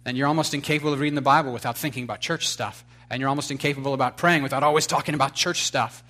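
A man preaching a sermon who moves from loud, fervent exhortation to quiet, confessional storytelling full of casual fillers. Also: mid-range voice, steady tone, rapid-fire. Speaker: pastor.

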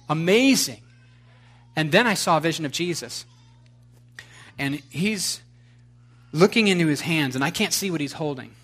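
Impassioned preaching man, loud to hushed. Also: a little high. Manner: impassioned preaching, swings from loud exhortation to quiet confession; conversational storytelling with fillers. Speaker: pastor. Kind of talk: sermon.

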